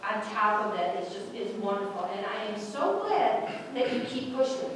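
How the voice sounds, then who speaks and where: A woman's voice: mid-range voice, very animated, normal speed. A woman in a church service speaking encouragingly to a family she has known for years. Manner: warm, encouraging, speaks with affection. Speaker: church member addressing the family. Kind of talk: heartfelt remarks in a church service. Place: large church sanctuary. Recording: echoey hall, distant mic, noise.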